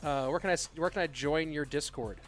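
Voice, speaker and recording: A man with a high, light voice rambles loosely through a live esports stream, reading viewer messages and joking at himself. When the action heats up, he breaks into loud play-by-play. Quiet music plays faintly underneath. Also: a little fast. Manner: rambling, self-deprecating, reads chat aloud; bursts into loud excited play-by-play. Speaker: esports caster. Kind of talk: casual live-stream commentary and chat reading.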